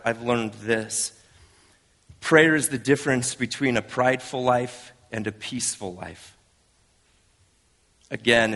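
A man's voice: medium pitch, a bit bright, in a large hall. A man in his thirties, a father preaching an earnest, conversational sermon with frequent restarts. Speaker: pastor.

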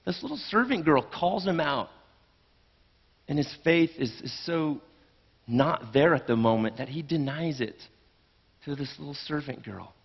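A man's voice: fairly high pitch, lively intonation, measured pace, creaky, pauses often, husky, long reverb tail, dull audio. A man preaching a sermon in an earnest, conversational way, often restarting his phrases. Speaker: pastor.

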